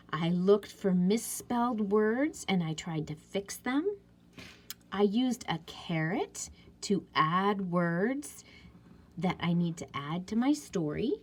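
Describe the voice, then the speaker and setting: Slow, sing-song woman teaching young kids. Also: on the low side, husky. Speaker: elementary school teacher. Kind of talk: classroom writing lesson for young children.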